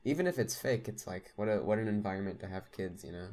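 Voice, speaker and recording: A man's voice: lowish voice, quick pace, crowd noise. A young man telling a long story in casual podcast chat, rambling with lots of fillers. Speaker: podcast co-host.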